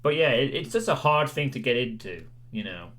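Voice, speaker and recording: Chatting with his livestream audience, a man speaks at normal speed in a mid-range, fairly bright voice that's very animated. He rambles, jokes at his own expense and keeps saying "you know."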